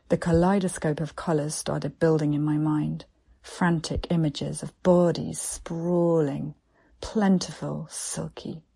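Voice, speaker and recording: Female storyteller, whispered erotic narration, slow, flat, dark and intimate. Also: sits low. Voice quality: breathy, half-whispered delivery.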